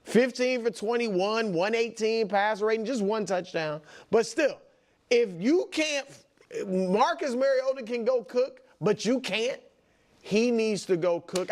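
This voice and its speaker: High, animated man reciting stats. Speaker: panelist. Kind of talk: casual sports debate.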